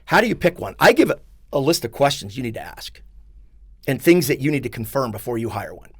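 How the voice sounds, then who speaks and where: Man, middle-aged, attorney, podcast guest, quick delivery, emphatic, earnest, dry close sound. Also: medium pitch, very animated, slightly rough, no echo. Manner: earnest, emphatic, self-deprecating. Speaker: attorney and book author, guest. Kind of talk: casual podcast conversation.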